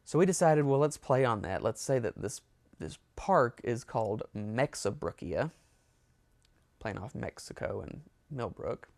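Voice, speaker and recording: A man's voice: medium pitch, very animated, measured pace, gravelly, darkish tone, no room sound. A man telling a rambling, amused story in a casual storytime monologue. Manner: rambling, amused, with self-corrections. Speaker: storyteller, show host.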